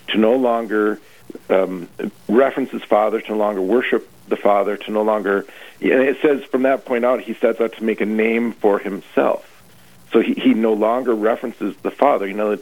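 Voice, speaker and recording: Low-ish male priest on a phone-quality line, earnest preaching, repeats and restarts phrases. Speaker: priest, retreat leader. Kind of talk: radio talk, preaching. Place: radio broadcast. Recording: tinny phone-like radio line.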